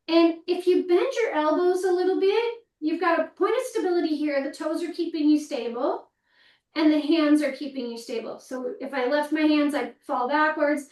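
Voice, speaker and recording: Woman movement coach, high voice, guiding exercises from across an echoey room. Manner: calm, step-by-step cueing while demonstrating. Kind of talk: guided exercise instruction. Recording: roomy, mic at a distance.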